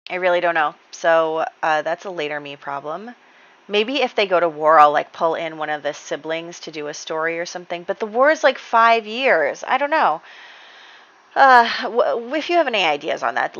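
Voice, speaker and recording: A woman's voice: on the low side, fairly bright tone, muffled recording. A woman giving casual, rambling gameplay commentary, chatty, with lots of ums and light laughs. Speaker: gaming channel host.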